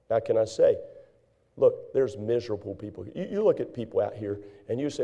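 Gravelly, dark-voiced man preaching a folksy sermon. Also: fairly low pitch, a little fast. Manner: folksy, animated preaching with acted-out frantic voices. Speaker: pastor.

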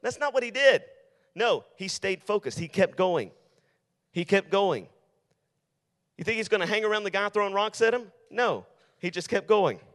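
A man's voice: high-pitched, fairly bright tone, long reverb tail. A male youth pastor preaching to teenagers in an emphatic style, repeating his key lines. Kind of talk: sermon.

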